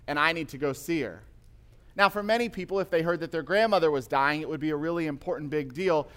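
A man's voice: on the high side, quick pace, fairly bright tone. A man giving a sermon, retelling a story at length and acting out the voices of the people in it. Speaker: preacher.

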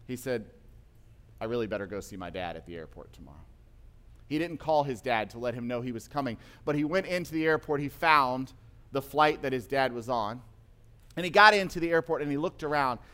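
Man preaching through a retold story. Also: medium pitch. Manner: retells a story with varied loudness, acting out quoted voices. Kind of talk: sermon storytelling.

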